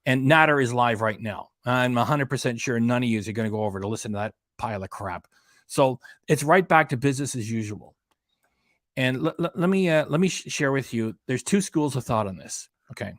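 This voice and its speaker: A man's voice: mid-range voice, animated, a little fast, a bit bright, no echo, clean studio sound. A man hosting a reaction channel, ranting in an indignant, emphatic way and hammering home his points. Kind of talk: casual commentary rant.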